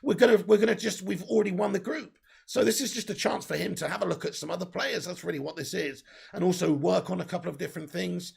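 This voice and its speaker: Gravelly hoarse football fan host. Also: male voice, sits high, fast. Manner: excitable, swears, bursts into cheers. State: sore throat. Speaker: football watch-along host. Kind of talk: live watch-along chat reading comments.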